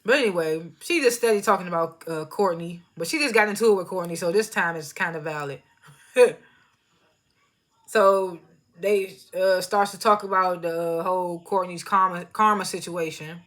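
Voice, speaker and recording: A woman's voice: on the low side, moderate pace, a bit bright. A woman giving a casual, rambling recap of a reality show, loose and slangy, often laughing at herself. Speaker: TV show reviewer. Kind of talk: casual chatty recap commentary.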